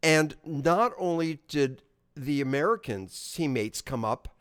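A man co-hosting a podcast in casual chat, his voice sitting a little high and swinging widely in pitch. He wanders into tangents with animated energy. The sound is dry and close. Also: measured pace, smooth, dry recording. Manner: animated, tangent-prone storyteller. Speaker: podcast co-host.

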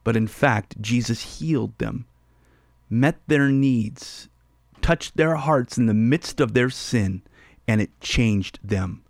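A man's voice: medium pitch, takes it slowly, no room sound, clean studio sound. A man hosting a radio Bible teaching show with callers, speaking emphatically and repeating key phrases for stress.

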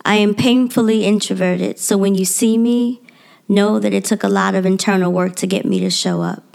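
A woman reading her own personal spoken-word piece in a measured, poetic delivery that drops to a soft near-whisper at the ends of lines. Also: mid-range voice, fairly even intonation, creaky.

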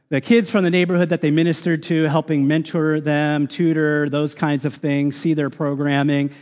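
Pastor, young man, earnest sermon delivery with ums; slightly high voice, reverberant sanctuary. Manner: earnest, reads scripture aloud with many ums. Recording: long reverb of a large hall.

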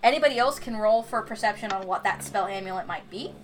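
A woman's voice: mid-range voice, fast, music in the background. A woman running a tabletop game as game master, chatty and rambling, with many fillers and restarts.

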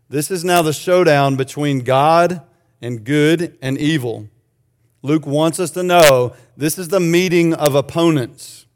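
A man preaching a sermon in a conversational way, explaining a passage verse by verse with joking asides to the congregation. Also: a little high. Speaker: pastor.

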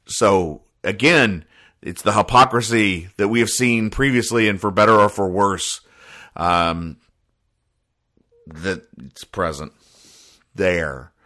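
A man's voice: on the low side, bright, forceful tone. A man hosting a casual show where he recaps comic strips, explaining each joke in a wry, rambling way and briefly putting on character voices. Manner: puts on quick voices for the characters. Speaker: host reading comic strips aloud.

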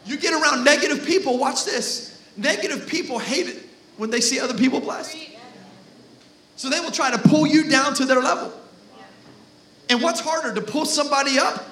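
A male pastor preaching a sermon with lots of energy. He jokes with the congregation and shouts for emphasis. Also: very high voice, moderate pace, reverberant. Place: church hall.

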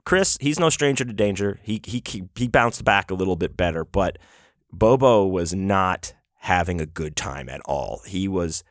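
Man, very low voice, casual profane storyteller, dry close sound. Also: lively intonation, normal speed, dry recording. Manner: rambling, profane, lots of fillers and restarts. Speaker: podcast host.

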